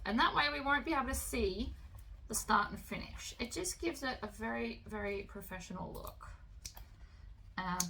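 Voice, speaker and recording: A woman's voice: fairly high pitch, bright, forceful tone, slight background noise, low-quality recording. A woman giving a casual, chatty sewing tutorial, explaining each step as she works.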